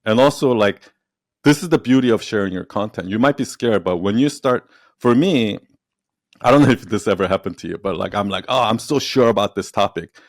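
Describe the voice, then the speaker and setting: In a dry, clean studio recording, an entrepreneur and storyteller guests on a podcast, speaking briskly in a lowish voice. He tells his stories animatedly in the casual interview, acting out quotes and laughing a lot.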